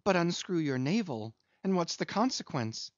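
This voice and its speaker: A man's voice: a little high, big pitch swings, normal speed, no echo, voice pushed up. A man reading aloud as a crazed young male cabin boy who rambles in singsong chants. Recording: dull lo-fi dry recording.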